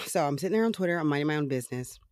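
A podcast host delivers a solo political rant, casual, profane and sarcastic, frequently breaking into laughter and filler-heavy rambling. He talks very fast in a somewhat high, slightly mellow voice. The recording is dry and studio-clean.

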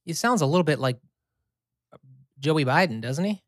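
A man's voice: fairly high pitch, expressive, moderate pace, no echo, studio quality. A man playfully joking while reacting to a TV legal drama with a co-host. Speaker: show commentator. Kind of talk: casual reaction chat.

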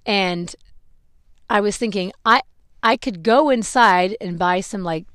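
A woman's voice: medium pitch, a little slow, a bit bright, no room sound, studio quality. A middle-aged woman hosting a podcast, telling a personal story in a candid, rambling, self-reflective way. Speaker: podcast host.

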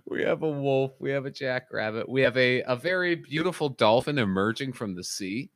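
A man leading a casual comedic chat in a deadpan, mock-serious way. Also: medium pitch, moderate pace, no echo, clean studio sound.

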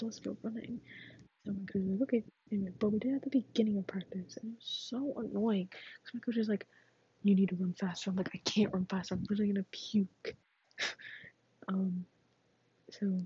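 Teen girl, whispered role-play, breathy and mellow, lo-fi recording, rambling chatty delivery. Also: medium pitch, no room sound. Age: teens. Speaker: vlogger.

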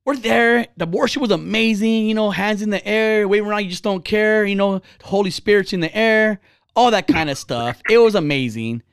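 A man's voice: sits high, moderate pace, clear, resonant tone, no room sound, studio quality. A man chatting casually, telling a candid, rambling story full of restarts and asides.

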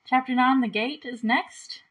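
A woman's voice: high-pitched, steady tone, low-quality recording. Woman podcast host, casual recap chat, giggly and chatty. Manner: giggly, chatty, retells scenes with quick quotes.

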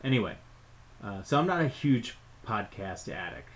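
Low-voiced, laid-back podcast co-host man. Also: sing-song, normal speed, rough recording. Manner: laid-back, rambling, playful. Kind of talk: casual chat.

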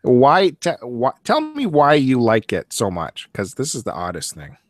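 A man's voice: mid-range voice, huge pitch swings, unhurried, no echo, clean studio sound. A man hosting a podcast, chatting casually and teasing his co-host, laughing often. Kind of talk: casual chat.

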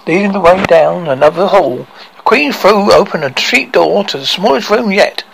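A man reading a story aloud in a halting way, often stopping to correct himself. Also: high voice, lively intonation, creaky, a bit bright, slight background noise, rough recording. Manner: halting, with frequent self-corrections. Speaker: narrator.

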